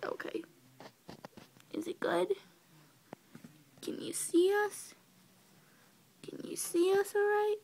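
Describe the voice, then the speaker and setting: A woman filming herself on her phone, softly hushing and soothing a baby while chatting casually to her viewers. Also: very high voice, fairly even intonation, takes it slowly, gravelly, pauses often. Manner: soothing, hushing, often soft and whispery. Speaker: vlogger caring for a baby. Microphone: handheld phone.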